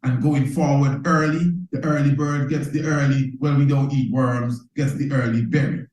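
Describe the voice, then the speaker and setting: A priest teaching a self-improvement course gives a preacherly motivational talk, repeating phrases and asking "you understand?". His voice is medium-pitched, steady, and slightly mellow at normal speed, with a roomy echo.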